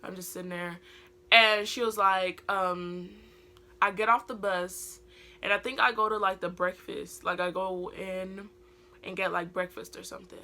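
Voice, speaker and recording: A woman's voice: mid-range voice, steady tone, measured pace, pushed and bright. A teenage girl with a British accent, telling a casual storytime vlog in a rambling way full of filler words. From Britain. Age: teens. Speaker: vlogger.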